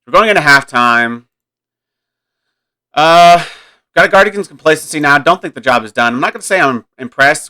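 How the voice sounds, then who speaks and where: A man's voice: medium pitch, sharp tone, smooth. A man giving casual, thinking-aloud commentary while playing a football management game, often correcting himself mid-sentence. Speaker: gaming YouTuber.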